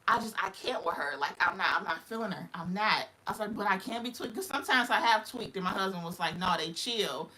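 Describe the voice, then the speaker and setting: A woman's voice: a little high, sharp tone. A young woman, casually telling a story on a livestream, laughing often and acting out other people's voices.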